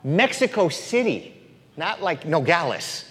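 A man giving an animated, emphatic sermon, teaching about the Bible. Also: a little high, unhurried, big-room sound. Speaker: preacher.

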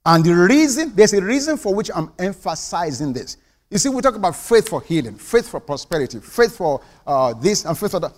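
A man's voice: high voice, big pitch swings, brisk, in a large hall. A man preaching a sermon as pastor, emphatic and calling for amens from the congregation. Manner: emphatic preaching with call-and-response.

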